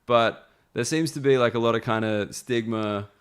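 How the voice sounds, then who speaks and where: A man's voice: medium pitch, moderate pace, clean tone. A man with an Australian accent hosting a podcast, laid-back and joking in casual chat. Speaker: podcast host.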